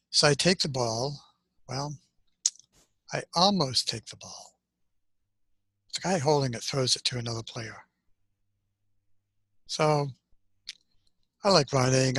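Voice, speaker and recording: Husky older man telling a story. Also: medium pitch, dry recording. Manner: gentle, unhurried, pausing often. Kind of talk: personal story, reflective monologue. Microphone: webcam on a video call.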